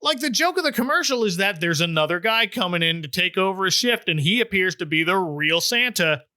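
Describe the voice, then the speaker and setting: A man's voice: sits high, lively intonation, a little fast, bright, forceful tone, no room sound, studio quality. A middle-aged man hosting a casual chat recap, wry and joking. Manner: wry, joking, puts on silly voices for quotes. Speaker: podcast host recapping a TV special.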